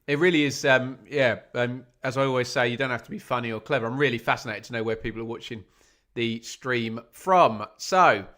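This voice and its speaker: A man's voice: mid-range voice, fairly quick, fairly bright tone. A man hosting a live football watch-along, talking casually to his viewers. He chats loosely, reads out their locations one after another, and makes fun of himself along the way. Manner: chatty, reads out viewer locations, self-mocking. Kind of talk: casual live-stream chat.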